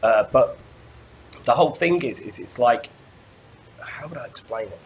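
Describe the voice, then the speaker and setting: A man's voice: mid-range voice, expressive, moderate pace, a little hiss or hum. A man delivering a rambling monologue rant, stumbling over restarts and swearing often. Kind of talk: ranting monologue.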